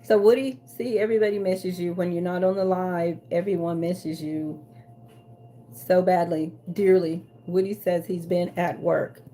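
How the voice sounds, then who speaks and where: Mellow low-voiced woman hosting a livestream. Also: fairly even intonation, measured pace, a little hiss or hum. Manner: reads viewer comments aloud and chats back; rambling with frequent fillers and restarts. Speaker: livestream host. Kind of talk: casual livestream chat.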